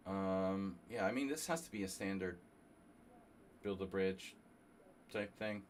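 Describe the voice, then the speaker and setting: A man from New Jersey streaming a chess simul, thinking aloud in a halting, casual way and coughing now and then. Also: low-pitched, a little hiss or hum. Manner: halting, muttering through chess moves with fillers.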